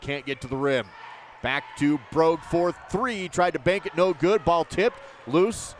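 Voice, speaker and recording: A man calling a live basketball game play by play, in quick, clipped phrases that lift on missed shots. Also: mid-range voice, slight background noise. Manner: rapid, clipped calls that rise on misses. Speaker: play-by-play announcer.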